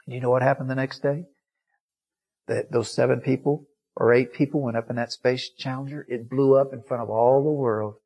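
Husky guy pastor preaching, tells a story, goes loud then real quiet. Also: medium pitch, fairly even intonation, normal speed. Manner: dramatic swings between loud climaxes and hushed, quiet lines. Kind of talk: sermon with storytelling.

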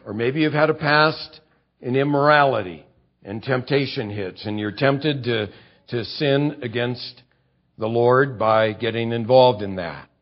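A man's voice: medium pitch, measured pace. Earnest preacher man, lo-fi recording. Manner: earnest teaching, rising to fervent emphasis. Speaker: pastor. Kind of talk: expository sermon.

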